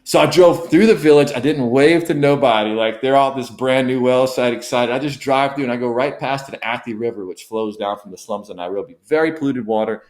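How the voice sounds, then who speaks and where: A man's voice: medium pitch, a little fast, hardly any pauses, a little mellow. A middle-aged man, a missionary guest, telling an emotional personal story in a podcast interview, earnest and often repeating himself.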